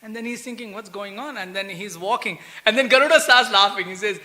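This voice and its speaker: A man's voice: very high-pitched, normal speed, sharp tone. A man giving a scripture class in a temple, chatty and full of "you know" and "right?", acting out the characters of a story. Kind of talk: sermon with storytelling. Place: temple hall.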